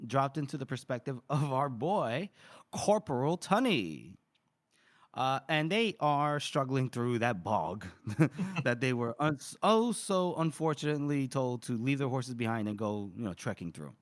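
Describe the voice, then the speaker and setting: A man co-hosting a podcast, recapping a book chapter in a casual, chatty way. He laughs often and jumps into quick raised voices for the characters. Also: mid-range voice. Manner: laughs often while retelling scenes. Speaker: podcast co-host.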